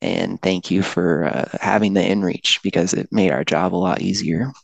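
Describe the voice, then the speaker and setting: A man's voice: low voice, fairly even intonation, normal speed, gravelly, no echo. A young man guest casually telling his own story, laid-back and self-deprecating with many fillers. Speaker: podcast guest.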